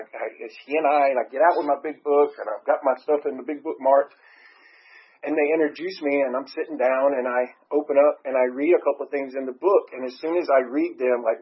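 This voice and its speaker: A man's voice: medium pitch, steady tone, fast, breathy edge. A man telling a personal story in a chatty, rambling way, often breaking into laughter. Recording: muffled lo-fi recording.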